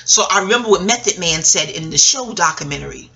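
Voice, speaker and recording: A woman's voice: lowish voice, quick pace, vocal fry, hardly any pauses. A middle-aged woman from New York telling a rambling, profane story to her viewers in a casual monologue. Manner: animated, profane, digressive, addresses viewers as y'all. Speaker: vlogger.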